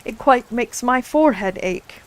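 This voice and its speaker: A woman voicing a grave, fussy old storybook king who speaks low and measured, in an ASMR storybook reading. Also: lively intonation.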